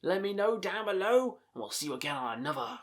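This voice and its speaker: A man's voice: high voice, sing-song, fast talker, a bit bright. A man hosting a video channel, giving a casual, enthusiastic film review full of swearing and laughter. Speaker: video host ranking films.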